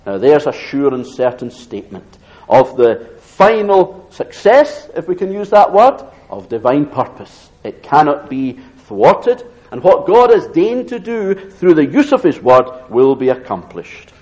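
Emphatic preacher with a raised pitch. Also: male voice, sing-song, a little mellow, low-quality recording. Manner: emphatic, slows down to stress key phrases; reads scripture aloud in raised tone. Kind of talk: expository sermon.

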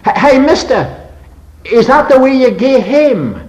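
A man voicing a skinny, freckled six-year-old orphan boy with a Scottish accent, calling out in high, urgent, stammering bursts. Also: lively intonation, measured pace, a little mellow, lo-fi sound.

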